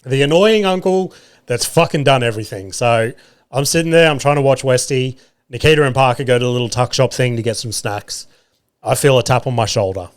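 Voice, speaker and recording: A man's voice: mid-range voice, brisk, clear, resonant tone. A man in his thirties with an Australian accent, hosting a podcast and telling wry, profane stories in a casual chat. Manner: profane, wry, lots of filler and acted-out quotes. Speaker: podcast host. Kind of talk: casual comedic storytelling. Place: home room.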